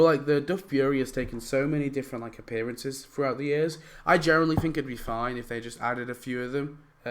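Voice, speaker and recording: A young man with a hoarse, worn voice, casually rambling through game ideas with lots of fillers as a YouTube host. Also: mid-range voice. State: losing his voice. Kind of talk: casual commentary over gameplay.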